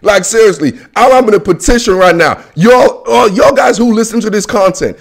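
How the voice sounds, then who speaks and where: A young man hosting a football show, ranting animatedly in slangy casual talk, with shouts and laughter. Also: sits high, normal speed, gravelly. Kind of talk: casual solo sports commentary.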